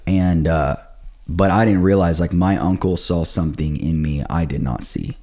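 A young pastor with a deep, low voice tells his personal story in a relaxed podcast conversation. He speaks at a moderate pace and is an animated storyteller, acting out what others said.

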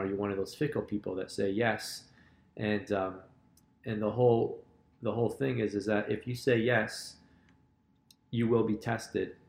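Gravelly-voiced male podcast host. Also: lowish voice. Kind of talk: casual podcast conversation. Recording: roomy echo.

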